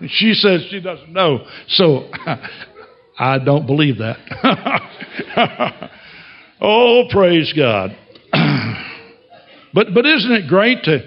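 A man's voice: fairly high pitch, very animated, very slow, pauses often. Folksy male pastor, dull recording. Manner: folksy storytelling, chuckling often. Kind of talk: sermon.

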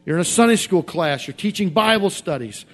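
A man preaching a sermon in a repetitive, emphatic cadence, swinging from quiet confession to shouted outbursts. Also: sits high, lively intonation, fairly quick.

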